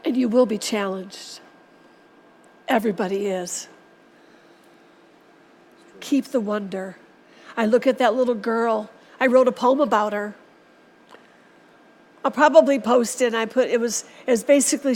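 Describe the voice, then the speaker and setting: A woman's voice: fairly high pitch, measured pace, pauses often. A woman preacher giving a sermon in a church, speaking earnestly and urging her listeners on. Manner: earnest, exhorting.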